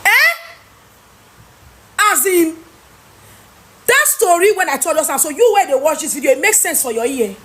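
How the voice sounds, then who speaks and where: High-voiced exasperated Nigerian woman. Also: lively intonation, fast, hardly any pauses. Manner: exasperated, mimics others in Pidgin. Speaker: trader telling of lost goods. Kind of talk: animated personal storytelling.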